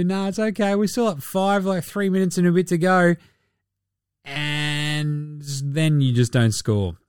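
A man's voice: a little high, clear, resonant tone, dry recording, clean studio sound. A man hosting a casual sports podcast, swearing freely and mocking players with sarcastic impressions. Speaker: podcast host.

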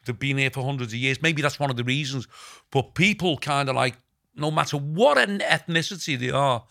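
A man's voice: medium pitch, fairly quick, vocal fry, sharp tone. A middle-aged Scouse man in casual podcast chat, telling long, rambling stories full of asides. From Liverpool, England. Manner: rambling storyteller with many asides.

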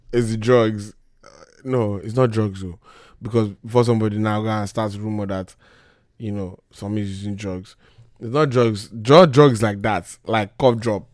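A man's voice: lowish voice, no room sound, clean studio sound. A man hosting a casual call-in podcast, sick and losing his voice, joking and rambling with laughs. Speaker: podcast host.

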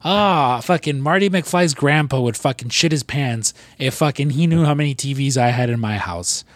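A man's voice: medium pitch, moderate pace, no echo. A young man co-hosting a podcast in casual chat, rambling and swearing freely with lots of fillers and restarts. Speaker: podcast co-host.

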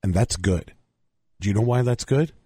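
A hoarse man from Montreal, losing his voice, passionately ranting as co-host of a casual sports chat. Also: fairly low pitch, moderate pace, warm tone, no echo. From Montreal, Canada. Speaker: podcast co-host.

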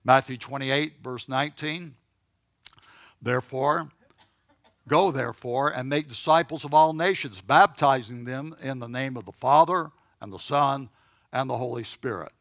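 A man teaching a Bible class in a church room, speaking in an easy conversational way and often checking in with his listeners. His voice sits at an ordinary middle pitch. The sound is dry, with no room echo. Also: unhurried, fairly bright tone.

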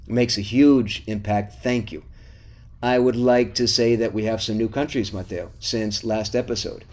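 A man's voice: on the low side, steady tone, normal speed, a little mellow. A middle-aged man co-hosting a podcast, wrapping up the episode in a casual, upbeat way and pleading with listeners to vote and leave reviews. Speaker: podcast co-host.

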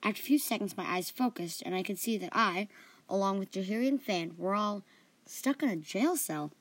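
A woman's voice: medium pitch, lively intonation, brisk, dry recording. A woman hosting a story podcast, narrating in first person with playful asides.

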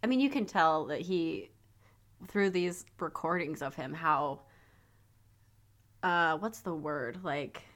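A woman co-hosting a casual podcast, retelling a story in an animated, profane way and slipping into quoted voices. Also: low voice, slow, long pauses. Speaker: podcast co-host.

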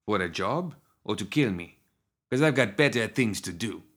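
A man's voice: fairly low pitch, lively intonation, normal speed. A man voicing a cruel, sneering male gunslinger outlaw with a menacing drawl. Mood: surly.

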